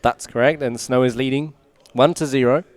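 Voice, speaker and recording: A man's voice: mid-range voice, normal speed. A man co-casting an esports stream, telling a story animatedly and laughing at it. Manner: animated, laughs at his own stories. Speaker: co-caster and coach. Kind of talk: casual storytelling.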